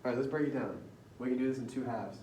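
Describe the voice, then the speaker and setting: A man teaching a class in a conversational way, often pausing to ask his students questions. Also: medium pitch, warm tone, slight background noise. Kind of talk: classroom lecture. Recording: roomy classroom audio from far off.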